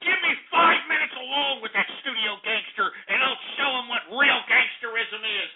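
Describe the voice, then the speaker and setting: A man's voice: very high voice, normal speed, very noisy. A man hosting a call-in radio show, ranting angrily and profanely, repeating himself. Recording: tinny phone-like audio.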